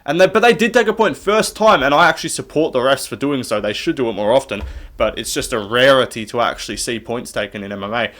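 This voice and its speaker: A young man talking through a fight card recap in a casual, offhand way. He is blunt and sarcastic and swears constantly, with a voice of ordinary middle pitch. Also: expressive, quick pace, fairly bright tone. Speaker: MMA recap host.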